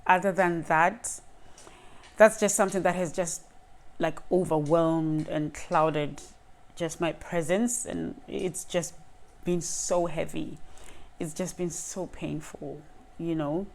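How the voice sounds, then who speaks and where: A woman's voice: low voice, steady tone, slow pace. A young woman from Lesotho, talking casually to camera in a hesitant vlog with many fillers and restarts. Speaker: vlogger.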